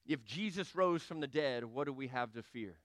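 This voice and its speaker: A man's voice: mid-range voice, expressive, normal speed, a bit bright. A male pastor preaching a sermon in an emphatic, repetitive cadence. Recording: long reverb of a large hall.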